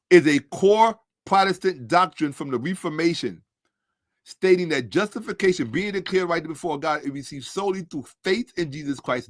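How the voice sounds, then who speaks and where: His fairly high voice comes through a clean, echo-free studio recording. Combative and sarcastic, he repeats himself for emphasis throughout his monologue and slips into a mutter whenever he checks his screen.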